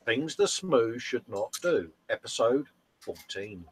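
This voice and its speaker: A man's voice: mid-range voice, very animated, slow, slight background noise, rough recording. A man co-hosting a casual live stream, trading teasing, dry banter with the host. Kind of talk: casual chat.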